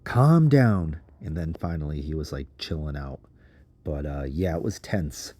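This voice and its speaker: Low-pitched man, mellow tone, casual storytelling, animated and giggly. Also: normal speed, breathy edge. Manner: animated, giggly, chatty with many fillers. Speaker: underground explorer.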